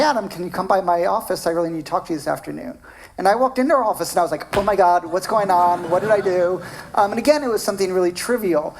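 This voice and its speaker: A middle-aged man giving a keynote lecture as a professor, telling personal anecdotes with animated delivery. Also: vocal fry. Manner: animated storytelling, acts out quoted voices with big pitch jumps.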